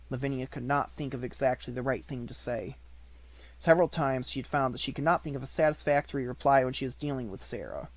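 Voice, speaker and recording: A man narrating a children's classic in an even, measured reading. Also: medium pitch. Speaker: audiobook narrator. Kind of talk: unabridged audiobook reading.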